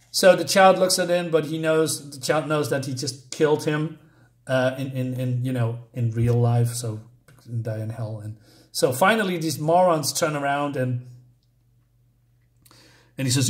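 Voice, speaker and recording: A man's voice: fairly high pitch, unhurried, pauses often. A man reviewing a comic book in casual talk, exasperated and sarcastic as he mocks the writing. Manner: exasperated and sarcastic, mocking the dialogue.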